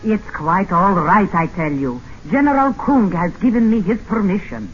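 A woman's voice: mid-range voice, animated, normal speed, natural voice. An actress playing a young woman who talks in an earnest, urgent, persuasive way. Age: young adult. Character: young Southern woman, practical and scheming. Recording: muffled old film soundtrack, faint hiss.

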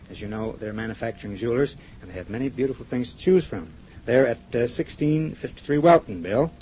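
A man hosting a live radio show, chatting with a guest and reading sponsor gifts in a brisk, chatty manner. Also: mid-range voice, warm tone. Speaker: radio host. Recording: dull 1950s radio broadcast with faint hiss.

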